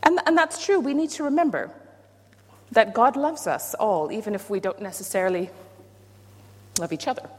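A woman preaching a sermon, playful and self-deprecating, with animated emphasis. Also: medium pitch, moderate pace, long pauses, husky. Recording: long hall reverb.

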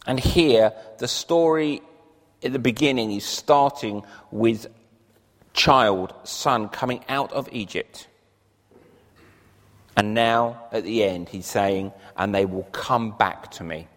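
A man's voice: fairly low pitch, slow pace, fairly bright tone. A man preaching a sermon earnestly, lifting his voice on key phrases. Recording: long reverb of a large hall.

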